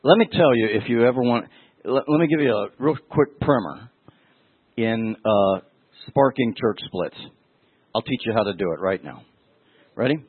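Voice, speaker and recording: Husky-voiced man preaching over a tinny line. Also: mid-range voice, expressive, normal speed, long pauses, no room sound. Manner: emotional, storytelling, addresses listeners directly. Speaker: pastor. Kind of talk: conversational sermon. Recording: tinny, phone-like dry sound.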